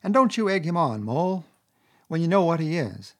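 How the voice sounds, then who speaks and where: A man's voice: a little high, big pitch swings, moderate pace, a bit bright, pitched above the performer's own voice. A man voicing a sensible, anxious male water rat who pleads and frets. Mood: exasperated. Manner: fussy and pleading.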